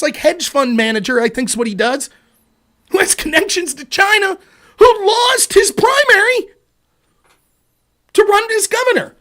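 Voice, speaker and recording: A man with a strikingly high voice hosts a political stream from a home setup. He rants heatedly, swears often and slips into mocking sarcasm. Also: a bit bright. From Pennsylvania. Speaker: political livestream host. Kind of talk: profane political rant.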